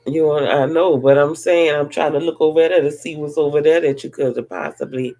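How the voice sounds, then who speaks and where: Low gravelly woman chatting to viewers. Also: steady tone, a little fast, warm tone, a little hiss or hum. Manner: rambling, conversational, addressing viewers directly. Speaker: online talk host. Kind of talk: casual chat to viewers. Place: at home, having her hair done.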